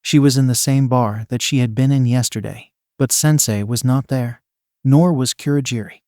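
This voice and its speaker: A man narrating a fan fiction story in a steady, even reading voice. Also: medium pitch, moderate pace, no room sound, clean studio sound.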